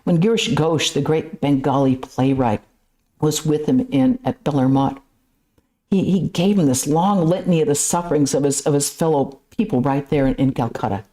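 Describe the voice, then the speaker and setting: A woman's voice: deep voice, moderate pace. A woman, a nun, giving a conversational spiritual lecture at a temple, telling stories with casual asides. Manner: lively storytelling with casual asides.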